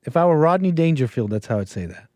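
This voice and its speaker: A man's voice: on the high side, sing-song, fast talker, darkish tone, no room sound. A man hosting a casual commentary livestream, sarcastic and often laughing. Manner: sarcastic, keeps breaking into laughter. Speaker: livestream host.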